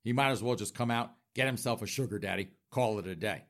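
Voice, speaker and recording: A man's voice: lowish voice, quick pace. A man in a campy, flamboyant comedic rant, mock-indignant, talking straight to his audience with laughing asides. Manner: frequent laughing asides and direct audience address. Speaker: comedic commentator host.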